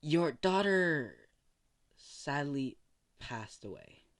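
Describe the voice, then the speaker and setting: A tired, hesitant doctor talks slowly and softly, with small pauses, as a male narrator puts him on. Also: a little high, lively intonation, heavily acted. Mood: somber. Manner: hesitant, soft-spoken.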